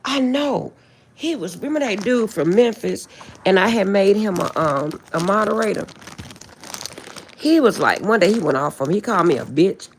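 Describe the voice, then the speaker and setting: An older woman hosting a casual livestream from her phone, telling stories in a chatty, animated way. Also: medium pitch, slight background noise. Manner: chatty, animated storytelling, drawn-out asides. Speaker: livestream host.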